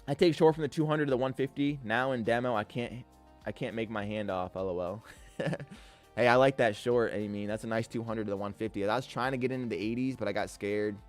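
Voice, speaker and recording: A relaxed man streaming his trading session, mid-pitched and easygoing, cheerfully calling out names from the chat between chart notes. Faint music plays behind him. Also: brisk. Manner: laid-back, upbeat, greets chatters as king and brother. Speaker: live-streaming day trader. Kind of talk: live trading commentary with chat shout-outs.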